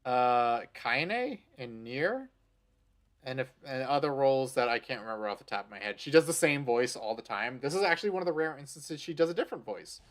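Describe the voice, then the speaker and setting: A man's voice: medium pitch, lively intonation, fairly quick. A man giving casual gameplay commentary, crude and joking, swearing often. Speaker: game streamer.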